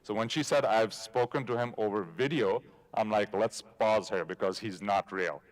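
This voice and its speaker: Man, low voice, conference talk, casual storytelling, acts out dialogue. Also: normal speed. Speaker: conference speaker. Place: conference stage.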